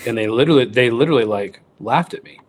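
Man acting out quoted voices in an animated story. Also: medium pitch. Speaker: guest, wild game cook and recipe writer. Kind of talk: casual storytelling interview.

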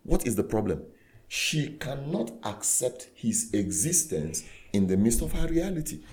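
A man, a clergyman guest, telling a story in conversation with earnest, animated retelling that acts out dialogue. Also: mid-range voice, measured pace. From Nigeria.

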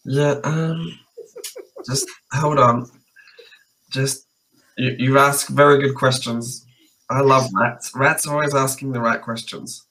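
A man's voice: mid-range voice, steady tone, slow pace, long pauses, bright, forceful tone, slight background noise, poor audio. A man playing a tabletop game, talking in a hesitant, playful way with many fillers. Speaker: player.

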